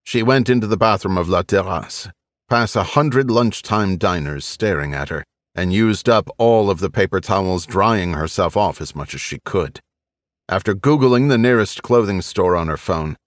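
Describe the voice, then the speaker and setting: A man reads a thriller audiobook aloud with brisk, storytelling energy. His voice sits very low yet swings widely in pitch, and the close studio sound is dry. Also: dry recording. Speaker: audiobook narrator. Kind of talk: scripted narration.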